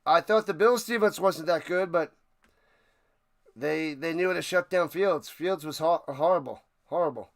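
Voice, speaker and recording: A high-pitched man with a gravelly yet smooth voice, calling football plays at an unhurried pace on a live stream. He chats back and forth with viewers and erupts into loud excitement on big plays. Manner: chatty, answers viewers' questions. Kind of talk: play-by-play commentary with chat banter.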